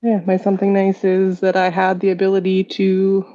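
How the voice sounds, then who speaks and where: A woman joins a podcast from home over a remote link, so her voice comes through muffled and lo-fi. Her tone is mellow and dark. She talks in a reflective, halting way. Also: mid-range voice, monotone. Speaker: podcast guest. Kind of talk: casual podcast chat. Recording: lo-fi remote call audio.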